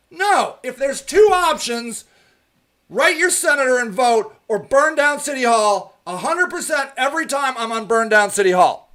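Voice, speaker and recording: A man hosting his own show, giving heated, profane political commentary that often breaks into shouting. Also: extremely high pitch, expressive, moderate pace. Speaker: show host.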